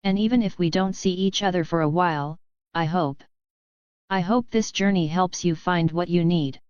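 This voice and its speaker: A woman's voice: on the low side, darkish tone, smooth, no room sound, lightly acted. A woman voicing a shy, blue-furred young man with a tail who speaks hesitantly. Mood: nervous. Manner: hesitant, halting. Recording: dull, dry sound.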